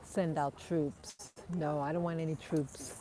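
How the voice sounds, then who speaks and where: A woman vlogging while out walking her dogs, chatting in a relaxed, reflective way with soft laughs. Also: low voice, measured pace, a little hiss or hum. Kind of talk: casual outdoor vlog chat. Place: outdoors in a park. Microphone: clip-on mic, wind audible.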